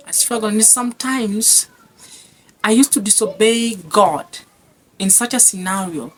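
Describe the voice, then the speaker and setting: A woman's voice: medium pitch, measured pace, a little hiss or hum. A woman giving an earnest personal testimony, repeating phrases and restarting often. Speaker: guest sharing a testimony.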